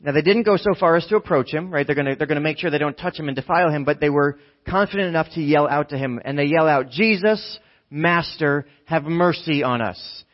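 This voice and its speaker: A man preaching in a relaxed, conversational way, often tossing in "right?" as he talks. His voice sits a little high and runs from hushed to near shouting. The recording sounds somewhat dull and lo-fi. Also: very fast, few pauses. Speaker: pastor. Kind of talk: conversational sermon.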